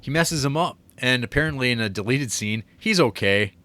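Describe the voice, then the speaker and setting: A man's voice: medium pitch, animated, moderate pace, bright, forceful tone, no echo. A man co-hosting a film podcast, chatting casually in a rambling way with lots of fillers. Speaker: podcast co-host. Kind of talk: casual film review chat.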